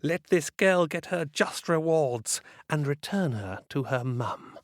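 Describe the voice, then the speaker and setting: A man's voice: a little high, animated, dry recording, studio quality, voice pushed up. A man putting on a solemn old witch. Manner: slow, solemn incantation. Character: stern old female witch granting rewards.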